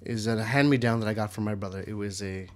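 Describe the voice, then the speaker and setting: A middle-aged man co-hosting a podcast, telling stories in a relaxed way and chuckling. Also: fairly low pitch, fast talker. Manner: laid-back storyteller, chuckles often. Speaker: podcast co-host. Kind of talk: casual live podcast banter.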